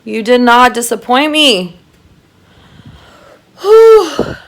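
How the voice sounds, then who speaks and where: A woman giving a chatty makeup tutorial, gushing and excitable as she talks to her viewers. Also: fairly low pitch, moderate pace. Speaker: makeup artist doing a tutorial.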